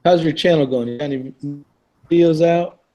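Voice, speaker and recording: A man's voice: a little high, moderate pace, warm tone, poor audio. A man hosting an online live chat, talking casually, rambling a little and laughing often.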